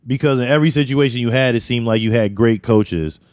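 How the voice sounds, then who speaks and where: A man's voice: mid-range voice, fairly quick, a little mellow, clean tone, no room sound, studio quality. A man hosting a podcast, asking a guest questions in casual talk. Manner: short reactions and questions. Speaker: podcast host. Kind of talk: casual interview chat.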